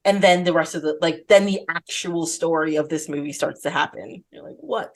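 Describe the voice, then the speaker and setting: A woman's voice: low voice, brisk. A woman hosting a podcast, talking about films in a casual, rambling way and acting out lines in quotes. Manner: enthusiastic, rambling, acts out quotes. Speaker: podcast host. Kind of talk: casual film chat.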